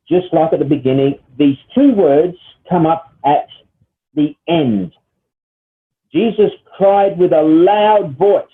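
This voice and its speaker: A man teaching a Bible study lesson, explaining step by step and often checking in with "all right?" and "okay?". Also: a little high. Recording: tinny phone-like sound.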